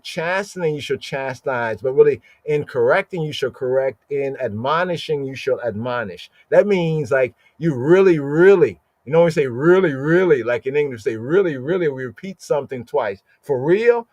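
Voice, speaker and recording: A man teaching scripture in a podcast, explaining Hebrew words slowly and asking "right?" again and again. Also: fairly high pitch, a little mellow, no echo. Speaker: Bible teacher.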